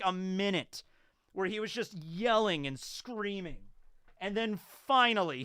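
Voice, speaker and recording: This male YouTube host rambles conversationally through stories and commentary, using plenty of fillers. His voice is high, bright, and pushed, captured in a clean studio with no echo.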